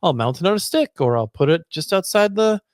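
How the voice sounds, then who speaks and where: A man's voice: high-pitched, fairly quick, no room sound, clean studio sound. A man co-hosting a casual backpacking chat, telling stories and acting out what he said. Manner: animated storytelling, acts out quotes. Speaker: podcast co-host.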